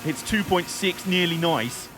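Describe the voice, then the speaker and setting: A man's voice: a little high, measured pace, noisy background. A man casually commentating a racing game on a live stream, joking and rambling as he plays. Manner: jokey, rambling, slips into silly put-on voices. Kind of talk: let's-play commentary.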